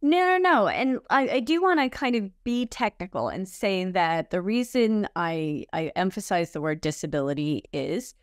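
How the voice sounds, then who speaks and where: A woman's voice: mid-range voice, sing-song, normal speed, few pauses, clean tone, dry recording, clean studio sound. A woman guest speaking as an expert on college disability services, explaining things conversationally with frequent fillers and self-corrections. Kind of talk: conversational interview.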